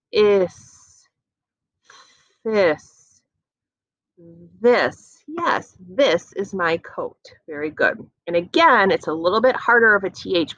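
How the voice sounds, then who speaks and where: A woman teacher giving an encouraging phonics lesson to young children, slowly stretching out sounds. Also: low voice, a bit bright, dry recording, lo-fi sound.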